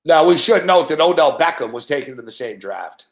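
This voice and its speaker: A man's voice: fairly high pitch, expressive, a little fast, a bit bright, roomy sound. A man hosting a sports betting show, ranting about football with sarcastic, profane remarks and frequent laughs.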